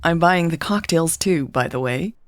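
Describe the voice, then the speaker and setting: A woman voicing a tired, wry businesswoman who speaks in a dry, unhurried way, in a story read aloud. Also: low-pitched, lively intonation, no room sound.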